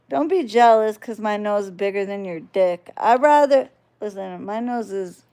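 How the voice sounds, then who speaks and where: Woman vlogger on a mocking, cussing rant; unhurried delivery, clean resonant tone. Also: medium pitch, creaky, dark tone, clean tone. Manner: profane, combative, mocking. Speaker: video channel creator. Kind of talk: ranting vlog.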